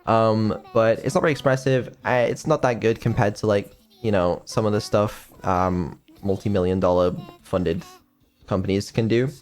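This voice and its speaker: A man's voice: on the low side, fairly even intonation, normal speed, a little mellow, faint music behind. A man chatting casually on a stream, rambling and offhand with lots of ums and casual swearing. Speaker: streamer and developer.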